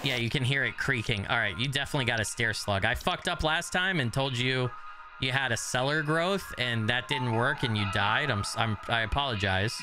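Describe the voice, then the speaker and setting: A man's voice: medium pitch, a little fast, over music. A man giving casual, profane let's-play commentary, rambling and mocking himself as he plays. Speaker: gaming YouTuber.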